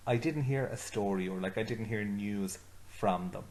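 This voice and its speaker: A man teaching a lesson, saying short phrases slowly and clearly for learners to repeat. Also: fairly low pitch, a little mellow, rough recording. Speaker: Irish language teacher.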